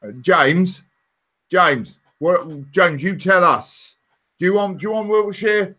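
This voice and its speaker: Brief: male co-host, bright forceful tone, easygoing and giggly, reads comments. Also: sits high, slow. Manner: amused, laughs often while reading comments. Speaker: co-host reading viewer comments. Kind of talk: casual fan chat.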